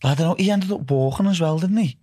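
A man's voice: a little high, fast, dark tone. A young Scouse man hosting a casual chat, swearing freely and saying "lad" a lot. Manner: swears freely, says "lad" and "know what I mean" often. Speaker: podcast host, fighter.

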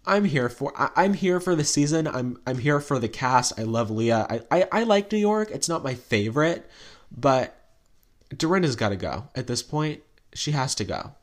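A man's voice: medium pitch, normal speed. A man co-hosting a podcast, recapping reality TV in casual chat and acting out what people said, with lots of "like" fillers. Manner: animated storytelling, acts out quotes, many "like" fillers. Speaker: podcast co-host.

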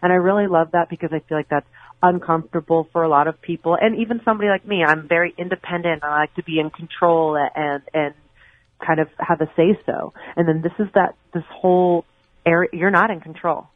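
A woman's voice: fairly low pitch, fairly quick, no echo. A woman guest on a podcast, telling stories casually and animatedly, with many restarts. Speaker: guest, former pro wrestler. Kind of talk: casual podcast interview storytelling. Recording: tinny phone-like remote line.

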